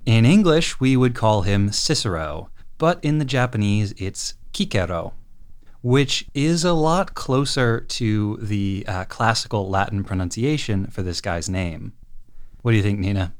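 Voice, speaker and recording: Male podcast co-host, lowish voice, wry dry delivery. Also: animated, a little slow, clear, resonant tone. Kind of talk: casual podcast discussion.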